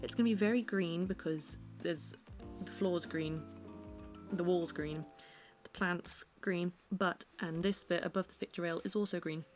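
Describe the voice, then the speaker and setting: A woman's voice: lowish voice, a little slow, soft background music. A young British woman chatting casually at home while she sketches, rambling and self-deprecating. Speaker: art vlogger. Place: her living room at home.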